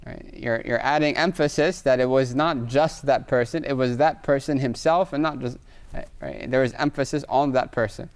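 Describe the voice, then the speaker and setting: With a mid-range voice at a moderate pace and few pauses, a man delivers a recorded online Arabic grammar lesson. He reads examples in Arabic, explains things patiently, and often checks in with a "right?".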